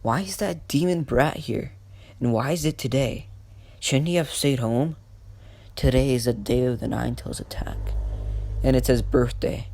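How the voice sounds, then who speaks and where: A man's voice: medium pitch, unhurried, vocal fry, mellow, no echo. A man voicing hostile village adults in his own voice, with a sneering, spiteful delivery. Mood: scornful.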